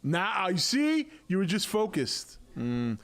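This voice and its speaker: A man's voice: high-pitched, huge pitch swings, takes it slowly, a bit bright. A middle-aged man hosting a casual live stream, chatty and laughing often, with many restarts.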